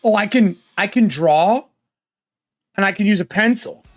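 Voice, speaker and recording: A man hosting a casual live stream, thinking aloud excitably and swearing now and then. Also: sits high, normal speed, soft background music. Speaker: livestream host.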